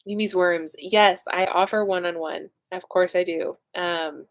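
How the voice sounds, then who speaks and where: Female host, 30s, casual emotional live chat, lower voice. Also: fairly even intonation, measured pace. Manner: chatty, rambling, emotional. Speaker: livestream host.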